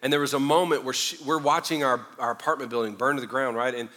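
A man's voice: mid-range voice, fairly even intonation, fast, sharp tone, long reverb tail. A male pastor preaching a sermon, mixing conversational asides and self-deprecating humor with mounting fervor.

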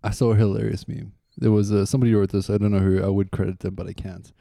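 A man's voice: fairly low pitch, little pitch movement, fast, vocal fry, mellow, no room sound, studio quality. A man from South Africa co-hosting a casual podcast, joking and teasing in a mock-offended way. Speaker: podcast co-host. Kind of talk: casual banter.

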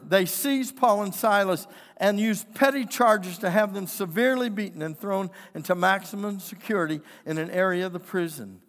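High-voiced impassioned male preacher, hall echo. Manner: impassioned, builds to shouting. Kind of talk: sermon. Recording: long hall reverb.

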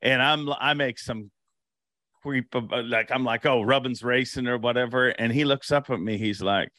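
A man hosting a casual interview, relaxed and conversational. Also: mid-range voice, moderate pace, no echo. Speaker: podcast host.

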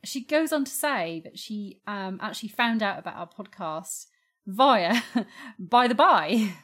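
A woman's voice: medium pitch, expressive, measured pace, a bit bright. A woman co-hosting a podcast in casual chat, bantering and teasing, often laughing. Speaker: podcast co-host.

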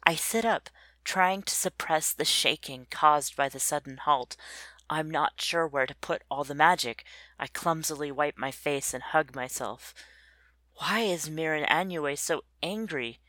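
A narrator reading a first-person story in an introspective, measured way. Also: medium pitch, bright, forceful tone, no echo.

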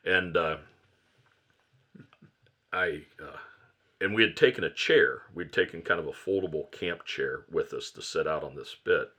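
Low-voiced man telling a fishing story. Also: a little slow, pauses often, pushed and bright, husky. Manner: rambling storyteller, self-correcting. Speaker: guest, fly shop owner. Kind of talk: storytelling in a podcast interview.

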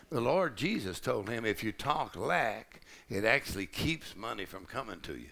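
A middle-aged man with a drawl preaches to a church crowd, his voice heavy with gravel. His tone is bright and forceful, and he swings from easy storytelling to shouting on the big lines. He sounds like he is on a church mic in a big auditorium. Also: on the low side, animated, moderate pace, hardly any pauses. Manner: rising to shouted declarations with a gravelly voice. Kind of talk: sermon.

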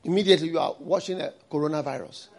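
A man's voice: a little high, very fast, gravelly, background noise. A man preaching a sermon in a studio, emphatic, repeating words and firing rhetorical questions at his listeners.

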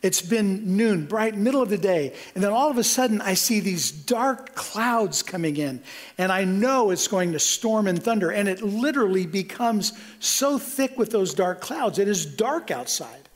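High-voiced man preaching a sermon. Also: animated, a little slow. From Kansas. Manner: earnest preaching with frequent restarts, rising for emphasis. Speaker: pastor.

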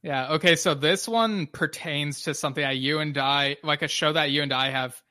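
A man co-hosting a podcast in casual chat, easygoing and quick to laugh. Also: fairly high pitch, bright, forceful tone, dry recording. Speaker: podcast co-host.

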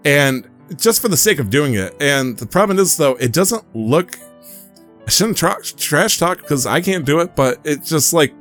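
A man's voice: on the high side, animated, unhurried, a bit bright, soft background music. Young man rambling through a sweary story. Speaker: podcast host. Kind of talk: casual chat.

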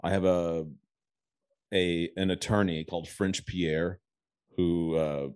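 Man, low voice, podcast host, loose profane banter, jokey, dry close mic. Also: level tone, darkish tone, clean tone, no echo. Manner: loose, profane, quick to laugh along. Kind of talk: casual podcast chat.

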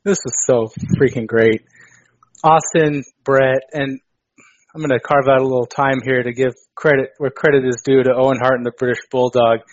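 A man co-hosting a casual podcast chat, animated and excitable, on a dull lo-fi recording. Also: mid-range voice, normal speed, no room sound. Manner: animated, excitable, mimics people for laughs. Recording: dull lo-fi dry sound.

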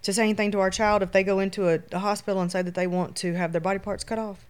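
A woman with a Louisiana Southern accent, an emphatic, animated storyteller talking as a podcast guest. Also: medium pitch, very fast, clear, resonant tone. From Shreveport, Louisiana, US. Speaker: guest, photographer. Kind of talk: casual podcast conversation.

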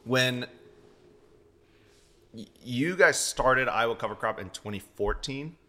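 A man hosting a podcast, asking questions in a relaxed, chatty way. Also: mid-range voice, slow pace. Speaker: podcast host. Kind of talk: casual podcast interview.

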